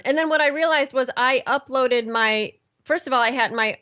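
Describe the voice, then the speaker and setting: A woman's voice: sits high, normal speed, hardly any pauses, a bit bright, highs cut off. A woman guest on a podcast, telling a story in casual chat, often restarting her sentences.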